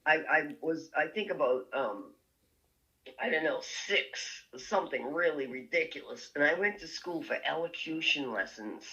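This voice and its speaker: A woman's voice: low voice, animated, moderate pace, sharp tone, dull audio. A woman from the Boston area with a strong Boston accent, chatting casually as an interview guest, laughing often and restarting her sentences. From Boston area, USA. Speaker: guest musician. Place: California.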